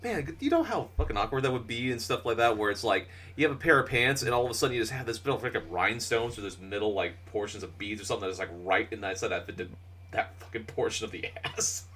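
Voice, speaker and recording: A man's voice: fairly low pitch, expressive, fast, a bit bright, distant mic, slight background noise. A man co-hosting a podcast in casual chat, rambling and laughing, swearing freely. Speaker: podcast co-host.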